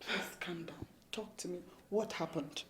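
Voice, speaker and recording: An actress playing an anxious woman who protects a troubled friend and keeps pleading with him to calm down. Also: fairly high pitch, a little slow, a little hiss or hum. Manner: pleading, soothing.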